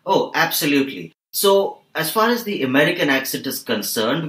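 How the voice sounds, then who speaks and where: Man as the accent coach guest, calm and measured, medium pitch, roomy echo. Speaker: voice and accent trainer. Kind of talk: explaining in a podcast interview.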